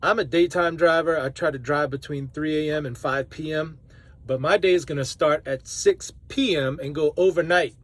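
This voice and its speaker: A truck driver from New Orleans with a New Orleans accent, chatting casually to camera in a vlog and laughing often. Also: male voice, a little high, normal speed, a bit bright. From New Orleans, Louisiana.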